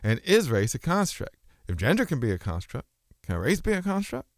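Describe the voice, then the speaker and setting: A man's voice: a little high, wildly swooping pitch, brisk, no echo, studio quality. A man talking in a casual, rambling monologue to camera, musing aloud and often breaking off mid-thought to restart. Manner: rambling, musing, self-interrupting; switches between speech registers.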